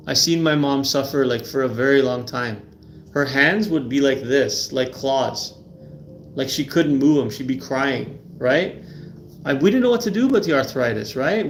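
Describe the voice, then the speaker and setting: A man's voice: mid-range voice, slight background noise. A middle-aged man hosting a live stream about health, talking emphatically and often tagging lines with "right?", repeating words as he goes. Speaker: livestream host.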